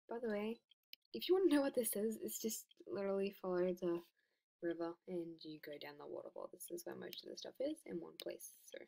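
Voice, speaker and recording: A woman giving casual commentary over her gameplay, excitable and giggly, often dropping to a whisper. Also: medium pitch. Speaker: game video creator.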